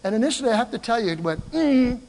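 Older guy preaching to a congregation, pretty high voice, lots of energy, long hall echo. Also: racing. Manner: animated storytelling, calls out to the congregation. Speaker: pastor. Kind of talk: sermon. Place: church.

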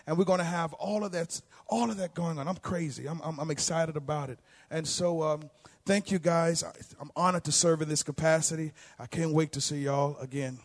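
A man with a high voice, talking to a church congregation. He is chatty and humorous and keeps slipping in quick asides. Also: fairly even intonation. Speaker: music minister.

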